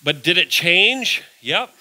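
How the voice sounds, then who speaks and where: Preacher, male, fairly high and very bright, folksy style that answers its own questions; church sermon. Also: lively intonation, takes it slowly, rough recording. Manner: folksy, asks rhetorical questions and answers them himself. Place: church sanctuary.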